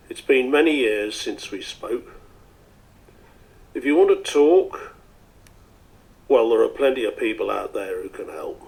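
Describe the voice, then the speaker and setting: Man doing a stiff awkward older dad, slow, halting. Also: on the low side, vocal fry, darkish tone, poor audio.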